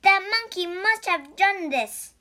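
A woman voicing an excitable male temple priest in a storybook reading. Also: very high-pitched, slow pace, voice pushed up, exaggerated voice. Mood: alarmed. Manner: alarmed, raised voice.

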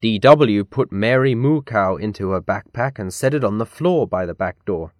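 A man reading a children's picture book aloud as narrator, slow and deliberate. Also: on the low side, lively intonation, dry recording, clean studio sound.

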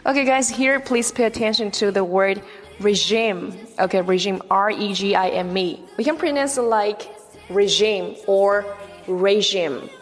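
A woman's voice: mid-range voice, moderate pace, long reverb tail, faint music behind. A woman teaching English vocabulary, repeating each word and checking in with "okay?" after nearly every point. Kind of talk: vocabulary lesson.

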